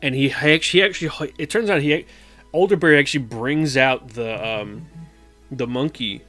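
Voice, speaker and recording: A man's voice: mid-range voice, normal speed, a bit bright, no echo. Rambling male streamer, faint music behind. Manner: rambling, filler-heavy, swearing, acts out quotes. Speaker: streamer host. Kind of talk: casual chat recapping a film.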